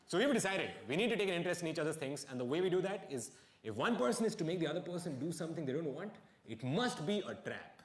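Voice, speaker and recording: A young man doing a stand-up comedy set on stage, with wry deadpan asides and bursts of mock outrage. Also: fairly high pitch, quick pace, hardly any pauses. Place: stage before a live audience. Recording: echoey live venue with crowd noise.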